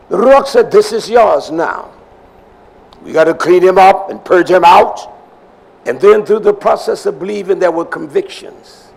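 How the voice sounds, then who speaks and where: Older male preacher, slightly high, rough voice, dramatic sermon swings. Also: expressive, measured pace, poor audio. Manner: preaching with swings from loud emphasis to near whispers.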